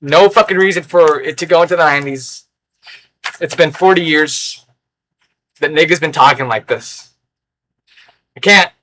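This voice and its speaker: Bright-voiced rambling young-sounding man. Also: fairly high pitch, moderate pace, pauses often, slight background noise. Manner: rambling, sarcastic and erratic, with sudden loud outbursts. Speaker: record collector vlogger. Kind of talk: rambling unscripted vlog chat.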